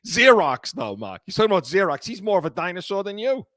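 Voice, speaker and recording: A man's voice: sits high, very animated, fast, a bit bright, dry recording, studio quality. A man co-hosting a casual sports talk show, blunt and stammering, repeating words when heated. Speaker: co-host.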